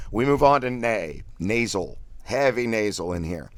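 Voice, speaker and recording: A man leading a guided voice exercise drill in a relaxed, joking, self-deprecating coaching manner. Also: lowish voice, measured pace, few pauses, dry recording, studio quality.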